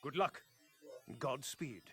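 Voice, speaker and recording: An actor playing a military officer giving a formal mission briefing in a video game, in a crisp, clipped delivery. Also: male voice, medium pitch, slow, bright, forceful tone. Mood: formal, commanding.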